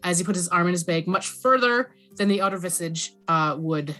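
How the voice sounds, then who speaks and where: A woman narrating a tabletop game as dungeon master, halting with many fillers. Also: on the low side, pushed and bright, soft background music.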